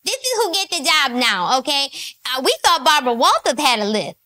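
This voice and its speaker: A woman delivers mocking comedic commentary full of sass and punchy asides. Her voice sits high and sharp. Her pitch leaps around animatedly. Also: a little fast. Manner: sassy, mocking, laughing, animated.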